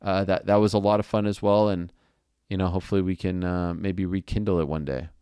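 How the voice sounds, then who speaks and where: A man talking as a podcast guest in casual chat, an animated storyteller who acts out quotes. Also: sits low, a little fast, clear, resonant tone, no room sound, clean studio sound.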